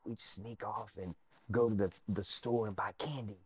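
A man with a low voice recounts his story as an interview guest, earnest and animated, sometimes sinking almost to a whisper. The sound is dry and close, with no room echo. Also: moderate pace, husky. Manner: earnest, animated, drops to near-whisper at emotional points. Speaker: guest, army veteran.

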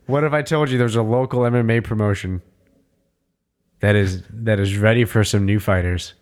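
A man's voice: lowish voice, fairly even intonation, normal speed. A man co-hosting a casual podcast, joking around and laughing often. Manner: joking, laughs often, acts out a shouting cornerman. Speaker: podcast co-host.

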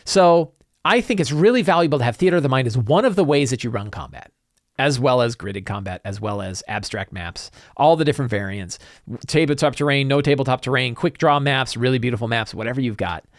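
A middle-aged man hosting a casual solo talk show, animated, acting out quick bits of dialogue as he explains. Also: mid-range voice, no room sound, clean studio sound. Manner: animated, acts out player and game master lines in quick asides. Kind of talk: solo casual talk about tabletop games.

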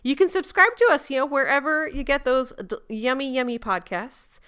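A woman co-hosting a podcast, chatting casually and sincerely with her co-host and reading out listener shout-outs. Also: high voice, animated, moderate pace. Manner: warm, sincere, a little emotional.

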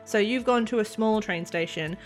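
A woman's voice: mid-range voice, normal speed. Brief: woman game master, chatty narration, faint music underneath. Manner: chatty, laughs often while narrating.

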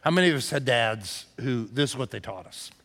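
Pastor preaching in a reverberant hall. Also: male voice, medium pitch, a little fast. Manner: storytelling, building to loud excited peaks then dropping to hushed tones. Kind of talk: sermon. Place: church sanctuary.

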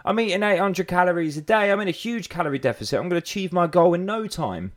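A man putting on the high voice of a frustrated female client who swears and brushes off advice. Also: expressive, fast talker. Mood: dismissive. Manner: swearing, brash, dismissive. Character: frustrated dieting female client, defiant and impatient.

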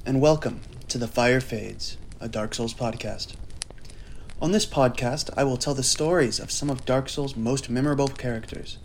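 A man reading a scripted podcast promo in a calm, courteous, old-fashioned formal manner. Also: mid-range voice, gravelly, slight background noise. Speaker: podcast host in a promo spot. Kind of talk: scripted atmospheric narration.

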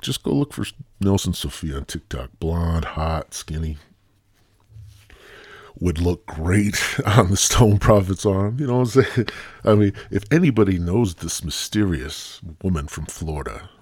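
A man hosts his podcast alone, rambling and cracking crude jokes in a very deep, husky voice that swings widely in pitch. He sounds a bit stuffy and short of breath, recorded dry and close to the mic. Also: no room sound. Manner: rambling, profane, joking. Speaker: podcast host. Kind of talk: solo casual podcast rant.

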